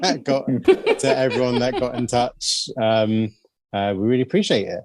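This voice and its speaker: A man's voice: mid-range voice, steady tone, normal speed. A man hosting a film podcast in casual chat, full of fillers, restarts and laughter. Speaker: podcast host.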